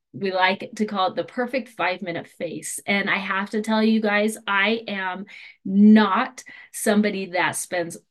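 A woman co-hosting a company call, hurrying through promotions in an excited, rushed way with frequent fillers and restarts. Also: fairly low pitch.

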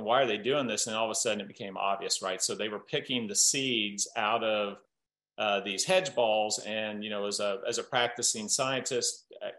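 A man in his fifties from Southern Iowa, a chemist and company co-founder, telling a story on a training call in a relaxed, halting way with many fillers and restarts. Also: lowish voice, roomy sound. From Southern Iowa, USA.

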